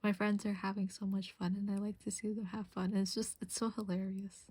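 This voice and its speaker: A woman's voice: mid-range voice, flat delivery, brisk, darkish tone, slightly rough, dry recording. Giggly, chatty woman streamer, dry sound. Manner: chatty and giggly, laughing often mid-story. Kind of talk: casual chat while crafting on stream.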